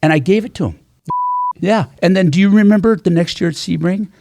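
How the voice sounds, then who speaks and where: A man telling a story as a guest racing driver in a casual chat, animated and acting out other people's lines. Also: sits high, fairly quick, gravelly, background noise.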